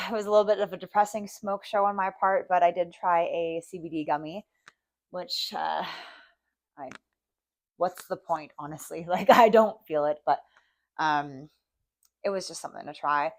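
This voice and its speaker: A young adult woman co-hosts a podcast in casual chat, sharing personal stories candidly and emotionally with frequent swearing. Her voice sits on the low side, with fairly even intonation, a moderate pace and no room sound.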